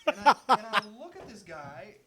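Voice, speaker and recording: A man's voice: high-pitched, sing-song, moderate pace, bright, forceful tone. A man telling his caddie stories in a laid-back, wry and direct way during a casual interview. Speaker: golf caddie and guest.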